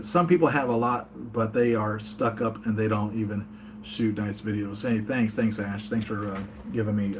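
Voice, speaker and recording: A man's voice: mid-range voice, a little hiss or hum. A man from the United States hosting a casual live-chat vlog from his home, rambling earnestly and reading chat comments aloud. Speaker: toy collector channel host.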